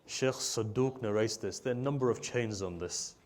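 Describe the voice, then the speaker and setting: A man preaching a mourning sermon in emotional storytelling, rising loud and falling soft. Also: moderate pace. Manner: emotional storytelling, swelling loud then dropping low. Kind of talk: majlis sermon.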